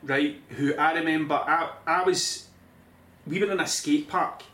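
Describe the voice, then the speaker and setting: A Scottish man co-hosting a podcast, telling an animated story and acting out what people said. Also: a little high, a little slow. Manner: animated storyteller, acts out dialogue. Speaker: podcast co-host. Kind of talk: casual chat. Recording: echoey room.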